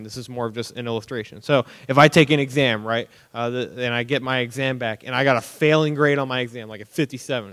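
A young man giving a casual, conversational sermon as a preacher, animated and acting out everyday reactions. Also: medium pitch, clean tone. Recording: long hall reverb.

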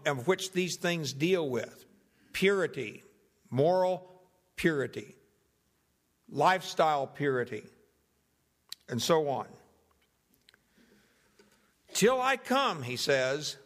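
A young man preaching, teaching through a Bible passage in a measured, deliberate way and going through its translations one by one. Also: medium pitch, fairly bright tone, big-room sound. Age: young adult. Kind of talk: expository Bible sermon.

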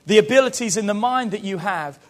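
High-voiced British pastor preaching. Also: male voice, animated, a little fast, a bit bright. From Britain. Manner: rousing, calls the congregation to repeat after him. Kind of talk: sermon.

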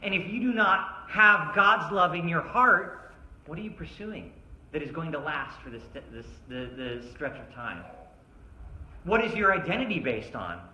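Sharp-voiced man preaching in an echoey room. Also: on the high side, expressive, unhurried, highs cut off. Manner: emphatic, full of rhetorical questions. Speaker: pastor. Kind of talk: sermon. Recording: roomy echo.

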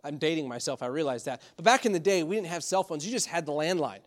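A man's voice: fairly high pitch, animated, quick pace. A middle-aged man, a pastor, preaching a sermon with repeated, urging calls and frequent restarts. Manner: repetitive, exhortative preaching with fillers and restarts.

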